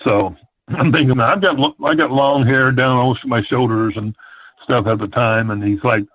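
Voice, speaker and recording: A man's voice: medium pitch, moderate pace, fairly bright tone, poor audio. An older man from the American Midwest, a retired wrestler, telling long stories in an interview, rambling with many fillers and restarts. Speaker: retired pro wrestler, guest. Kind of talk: storytelling interview.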